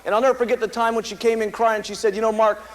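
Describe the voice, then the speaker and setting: A man's voice: very high voice, level tone, racing, poor audio. An American man giving an emphatic, repetitive motivational speech to a live audience at a company meeting, telling stories. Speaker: company founder speaking at a meeting.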